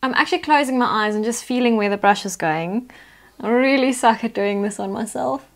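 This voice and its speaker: Female beauty vlogger, bright high voice, chatty and instructive. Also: brisk. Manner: chatty, instructive, talks through each step. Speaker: makeup tutorial host. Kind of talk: step-by-step makeup tutorial narration.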